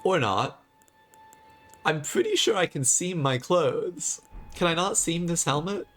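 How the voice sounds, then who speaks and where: A man's voice: fairly high pitch, normal speed, fairly bright tone, soft background music. A man streaming a video game and chatting to viewers with sarcastic, jokey asides. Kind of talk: live gameplay commentary.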